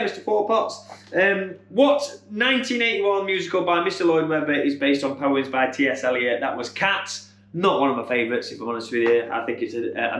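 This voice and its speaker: A man's voice: mid-range voice, a bit bright. A man in his thirties, hosting a quiz and reading out answers with rambling, jokey asides. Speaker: quiz host. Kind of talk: casual quiz answer run-through. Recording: echoey room.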